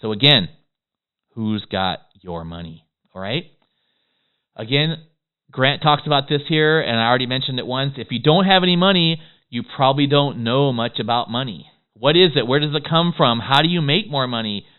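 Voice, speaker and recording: A man giving a motivational business course lecture. He talks fast and excitably and keeps checking in with "okay?". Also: medium pitch, clear, resonant tone. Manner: fast-talking, excitable, peppers lines with "okay?". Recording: tinny phone-like audio.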